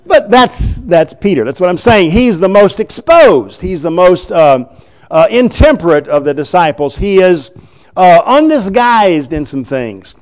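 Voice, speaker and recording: A man preaching a sermon, retelling scripture in an animated, chuckling storytelling way. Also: high voice, measured pace.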